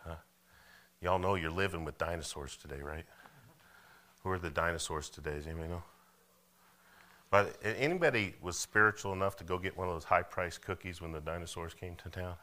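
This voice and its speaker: A pastor preaches a sermon in a church sanctuary, folksy and full of rhetorical questions and calls for amen. His voice sits low with a sharp tone.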